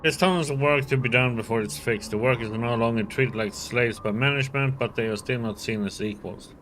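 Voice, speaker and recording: A man voicing a determined male factory turner who organizes workers, speaking in an earnest, steady way in a video game. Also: mid-range voice, fairly quick, a little hiss or hum, close to an everyday voice.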